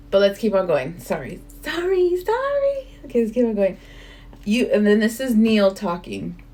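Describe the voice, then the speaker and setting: A woman's voice: fairly low pitch, a little mellow. A woman hosting her own channel, reading a spiritual book aloud and breaking off for earnest, informal, chatty commentary.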